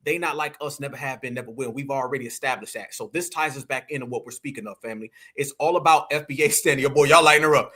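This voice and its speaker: A man hosting a live reaction show, talking in a loud, mocking, animated way and often shouting. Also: medium pitch, fast, hardly any pauses. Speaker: online show host.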